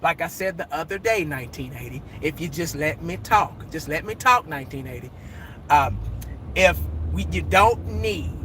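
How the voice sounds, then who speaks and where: Man doing a low, stammering older team owner, evasive, repeats himself, rambling. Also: background noise.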